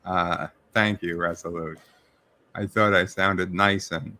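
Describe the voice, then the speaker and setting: A man's voice: low-pitched, steady tone, slow, pushed and bright. A middle-aged man with a New York accent hosting a live stream, reading viewers' chat messages aloud and answering them casually. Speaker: livestream host reviewing a TV episode.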